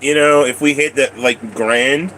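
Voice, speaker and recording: A man's voice: mid-range voice, fairly even intonation, unhurried, bright, forceful tone, a little hiss or hum. A man streaming himself at slot machines, out of breath, coughing often and grumbling at the machine in casual chat. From Colorado, USA.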